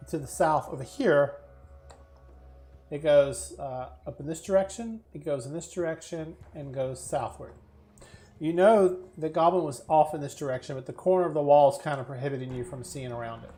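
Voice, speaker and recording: A man's voice: on the high side, darkish tone. A man narrating and describing scenes as game master of a tabletop game. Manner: descriptive, conversational.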